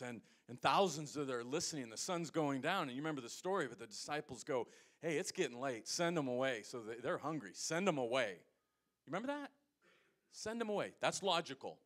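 An American male pastor preaches with lively energy. His voice swings from loud, emphatic lines down to low, quiet asides to the congregation. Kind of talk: sermon.

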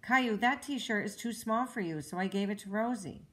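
A woman's voice: medium pitch, moderate pace, natural voice. A woman voicing a kind, patient mother in a storybook reading, soothing and reassuring. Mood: gentle.

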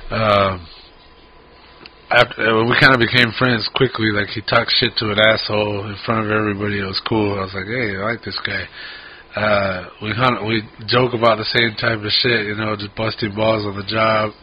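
In dull, lo-fi podcast audio, a co-host rambles through stories and swears freely in casual conversation. His voice is on the low side, slightly rough, with little pitch movement and a moderate pace.

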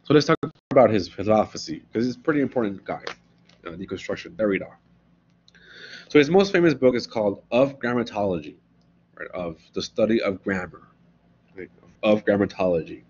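In a dull, lo-fi classroom recording, a man with a lowish, brisk, slightly mellow voice lectures on philosophy with lively energy. He keeps it conversational, often tossing in "right?" as he explains, and there's a little background noise.

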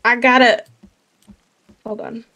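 A woman playing a survival game with friends, matter-of-fact with quick reactions. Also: fairly high pitch, little pitch movement, bright, forceful tone, dry recording. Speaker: co-op player. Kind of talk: casual gameplay chat.

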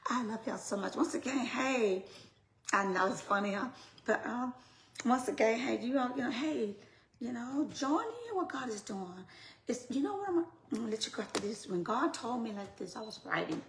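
A woman ministry leader talking casually to her followers, swinging between hushed, whispery asides and loud, laughing outbursts. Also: on the high side, lively intonation, normal speed. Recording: roomy with faint noise.

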